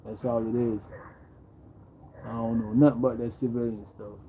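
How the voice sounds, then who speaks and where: Laid-back male livestream host, dark mellow tone, faint background hiss, keeps repeating "bro". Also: medium pitch, little pitch movement, normal speed, rough recording. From Jamaica. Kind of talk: casual livestream storytelling.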